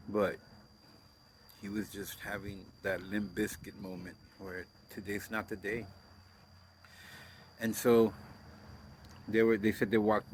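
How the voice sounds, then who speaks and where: A man's voice: fairly low pitch, slight background noise, poor audio. A middle-aged man talking in a blunt, profane, rambling way, telling stories casually on his own show. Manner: blunt and profane, trailing off and restarting. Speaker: host of a self interview.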